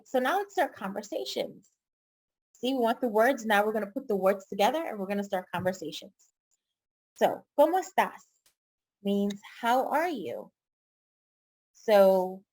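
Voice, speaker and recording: A woman's voice: medium pitch, darkish tone. A woman teaching a vocabulary lesson online, speaking patiently and repeating each word for her students. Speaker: pharmacy tech Spanish tutor.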